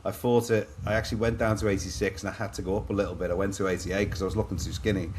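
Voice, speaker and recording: Lively Liverpool man telling stories. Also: lowish voice, racing, slight background noise. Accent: Liverpool English. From England. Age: 40s. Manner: animated, restarts often, says mate a lot. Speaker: podcast guest. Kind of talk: casual storytelling.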